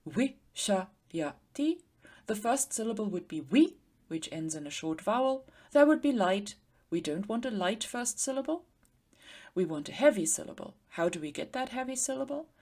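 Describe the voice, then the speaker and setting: A woman teacher giving an explanatory grammar lecture, patiently slowing down to spell out word forms. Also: mid-range voice, a little mellow. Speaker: Sanskrit teacher.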